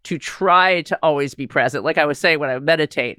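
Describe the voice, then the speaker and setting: A woman co-hosting a podcast in casual chat, sounding stuffed up and congested after nose surgery, playful and quick to laugh. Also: low-pitched, bright, forceful tone, smooth, no echo, clean studio sound. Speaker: podcast co-host.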